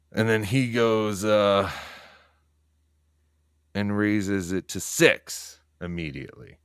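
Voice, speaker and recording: A man's voice: sits low, smooth, dry recording, studio quality. A man livestreaming from home at night, telling rambling stories laced with profanity and keeping his voice down so he won't wake people. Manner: talking quietly so as not to wake others. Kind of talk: casual livestream monologue.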